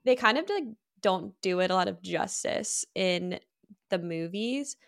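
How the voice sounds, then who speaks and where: Woman with vocal fry hosting a chat. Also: mid-range voice, animated, unhurried. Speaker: podcast co-host. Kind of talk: casual chat.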